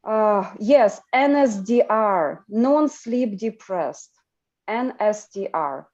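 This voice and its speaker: A woman hosting a livestream chat, talking in an animated way with lots of fillers and restarts. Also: mid-range voice, takes it slowly, muffled recording. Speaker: livestream host. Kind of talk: casual group chat on a livestream.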